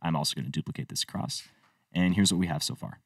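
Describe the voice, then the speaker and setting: A man's voice: sits low, fast talker, distant mic. A man and music producer talking through a tutorial step by step in an easygoing way. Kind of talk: screen-recorded tutorial walkthrough.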